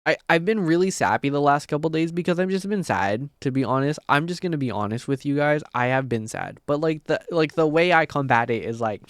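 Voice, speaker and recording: A man chatting live on stream at a desk mic, excitable and rambling, swearing often. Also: fairly high pitch, a little fast, no room sound, clean studio sound. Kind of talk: casual live-stream chat. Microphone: desk mic on a mic arm.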